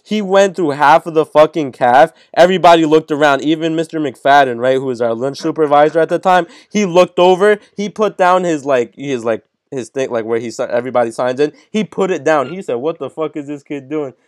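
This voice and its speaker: A teenage man, a podcast co-host, excitedly telling a funny story on an online group call, swearing and laughing as he goes. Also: fairly high pitch, fairly quick, hardly any pauses, no room sound, studio quality. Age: teens. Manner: animated, swearing, laughing at his own story. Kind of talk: casual storytelling.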